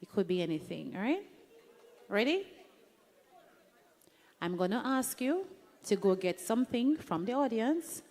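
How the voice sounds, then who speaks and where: A woman's voice: mid-range voice, darkish tone. A Jamaican woman hosting a live event, chatty and playful as she teases the audience. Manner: playful, chatty, teasing the crowd. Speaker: event host leading an audience activity.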